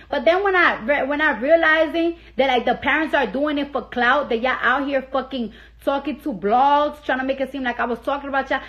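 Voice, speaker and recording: A woman's voice: high voice, normal speed, fairly bright tone. A young woman ranting heatedly into her phone on a live stream, swearing constantly and repeating herself for emphasis. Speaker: celebrity on a social media live stream. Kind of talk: angry profane rant.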